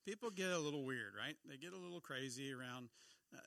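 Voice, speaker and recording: Gravelly middle-aged man preaching. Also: mid-range voice, expressive, a little fast, bright, forceful tone, dry recording. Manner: conversational, asks the audience questions. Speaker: pastor. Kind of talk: sermon.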